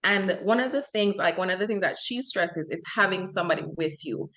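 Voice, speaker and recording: A woman's voice: fairly low pitch, expressive, a little fast, fairly bright tone. A young adult woman co-hosting a podcast, talking earnestly and with feeling, with many fillers and restarts. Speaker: podcast co-host. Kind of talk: casual chat.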